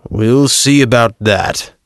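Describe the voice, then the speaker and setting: A man playing a gruff sarcastic Roman governor. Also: mid-range voice, a little slow, a bit bright, dry recording, studio quality, natural voice. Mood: suspicious. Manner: sarcastic, commanding.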